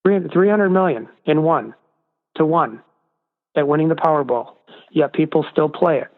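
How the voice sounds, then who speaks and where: A man's voice: on the high side, normal speed. A man, a guest author, talking earnestly and emphatically in a casual interview. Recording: distant echoey phone line.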